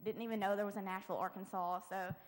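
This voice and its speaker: A woman's voice: medium pitch, level tone, fast. A teenage girl sharing a personal testimony in church, chatty, quoting herself with "I was like". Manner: chatty, lots of "I was like" quotes. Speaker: youth group member giving testimony. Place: church sanctuary. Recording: long church hall reverb.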